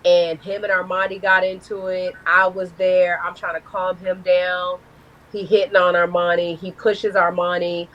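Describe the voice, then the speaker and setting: Profane, animated woman telling a story. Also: lowish voice, moderate pace, muffled recording. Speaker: guest. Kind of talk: casual live-stream interview.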